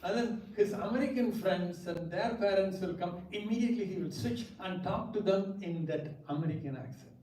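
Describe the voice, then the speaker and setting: A pastor with a Tamil English accent speaks at a seminar, emphatic and repeating his words to drive a point home. His voice is mellow and fairly high for a man. He sounds distant from the mic in an echoey hall with a faint hum of ambience. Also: moderate pace, few pauses. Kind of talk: parenting seminar talk.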